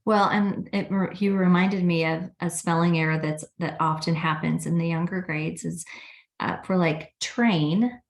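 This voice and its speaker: A woman who is a speech-language pathologist, explaining ideas in an animated, teacherly way during an interview. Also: lowish voice, a little slow, vocal fry. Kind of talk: interview conversation. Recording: echoey room.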